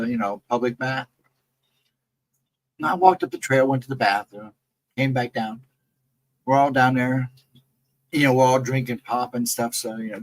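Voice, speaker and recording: A man casually telling a personal encounter story, rambling and jumping sharply higher in pitch when he quotes himself. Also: dry recording, rough recording. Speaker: guest storyteller.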